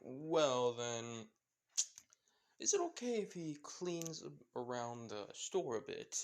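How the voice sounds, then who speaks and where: Calm mild shopkeeper , voiced by a male storyteller, reassuring, plain delivery. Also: medium pitch, slow, a little hiss or hum.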